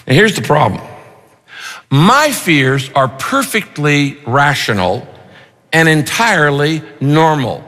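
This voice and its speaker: A male pastor preaching a sermon with animated, punchy rhyming lines. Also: fairly high pitch, slow pace. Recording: long reverb of a large hall.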